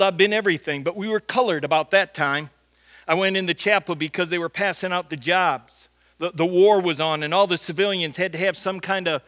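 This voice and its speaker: A man preaching a sermon in a high, light voice. He moves between storytelling and Scripture teaching in an emphatic, conversational way. He often repeats a word as he starts a phrase. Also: fairly bright tone. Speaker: pastor.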